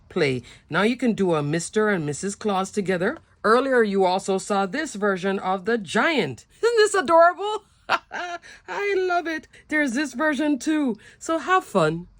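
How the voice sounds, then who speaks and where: A woman's voice: fairly low pitch, no room sound. Gushing crafter woman, dry sound. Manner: enthusiastic, gushing, chatty. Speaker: papercraft design team member. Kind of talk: product demo.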